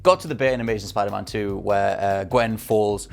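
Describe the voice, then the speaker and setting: A man's voice: fairly low pitch, fairly quick, gravelly, faint music behind. A man ranting with exasperated, emphatic repetition about bad cinema audiences, speaking to camera as a film pundit.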